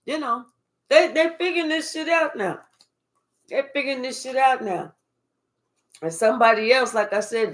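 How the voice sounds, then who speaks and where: Woman tarot reader, slow profane drawl, somewhat high voice, unhurried live reading.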